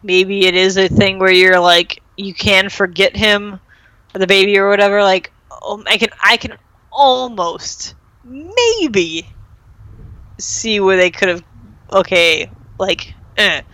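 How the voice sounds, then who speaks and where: A woman's voice: medium pitch, steady tone, unhurried, bright, forceful tone, no room sound, poor audio. A woman chatting casually as a podcast co-host, her talk full of fillers and loose restarts. The sound is dry and close with no room around it. She laughs easily between thoughts. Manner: rambling, frequent fillers and laughter. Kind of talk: casual chat.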